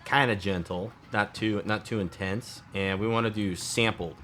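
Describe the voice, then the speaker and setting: A man's voice: lowish voice, steady tone, normal speed, a bit bright, slight background noise. A man in his thirties thinking aloud as he builds in a game, casual and chatty. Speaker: let's play host. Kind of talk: casual gameplay commentary.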